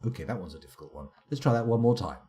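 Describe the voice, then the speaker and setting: Wry man with a lively, mellow voice. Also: fairly low pitch, rapid-fire. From United Kingdom. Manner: wry, self-mocking, chatty asides. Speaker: streamer. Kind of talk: live gameplay commentary.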